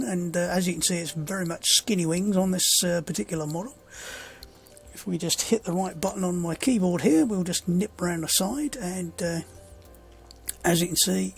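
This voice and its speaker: A man giving relaxed, rambling gameplay commentary as a sim racing video host, with many fillers and dry sarcasm. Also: sits high, gravelly.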